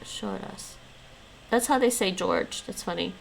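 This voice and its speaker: A woman's voice: medium pitch, unhurried, vocal fry, slight background noise, poor audio. A woman streaming her language study, reading lesson notes aloud and chatting with her viewers, laughing often. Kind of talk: casual live-stream chat.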